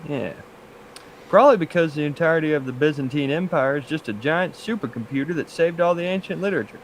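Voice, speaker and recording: A man's voice: on the high side, quick pace. A man co-hosting a live podcast in a playful, teasing way, bantering with his partner. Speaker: podcast co-host. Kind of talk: casual live podcast chat.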